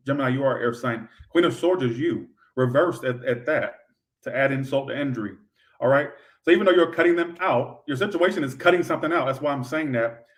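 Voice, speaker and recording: A man giving a livestream tarot reading in a sassy, profane, rambling way, talking straight to his viewers. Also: medium pitch. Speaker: tarot reader.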